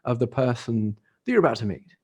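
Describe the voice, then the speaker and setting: A man's voice: mid-range voice, lively intonation, fairly quick, darkish tone, slightly rough. A middle-aged man with an English accent, a dating industry expert talking casually as a podcast guest, laughing often and restarting phrases. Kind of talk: casual interview talk.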